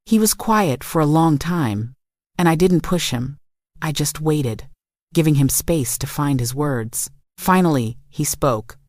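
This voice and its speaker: Speaking unhurriedly in a low voice, a woman narrates her own family story from a script in a calm, reflective way. The sound is close-miked and dry, with no trace of the room.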